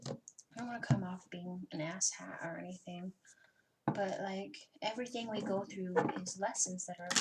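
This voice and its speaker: A woman's voice: medium pitch, a little hiss or hum, low-quality recording. A woman giving a casual personal tarot reading, chatty and swearing freely, with lots of "you know" fillers. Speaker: tarot reader.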